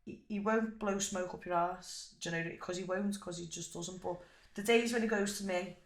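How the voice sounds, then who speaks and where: A young woman, chatting as an interview guest and telling stories in an animated way with plenty of swearing. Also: on the low side, normal speed. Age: young adult. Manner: animated storyteller, swears freely. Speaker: guest fighter. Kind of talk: casual interview chat. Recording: echoey room.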